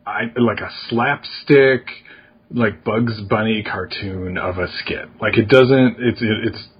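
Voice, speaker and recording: A man co-hosts a relaxed podcast chat with a deeply husky, breathy voice. He rambles, leaning on fillers and restarting his sentences. The audio is slightly dull and lo-fi. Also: slow. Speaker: podcast co-host. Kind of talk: casual chat.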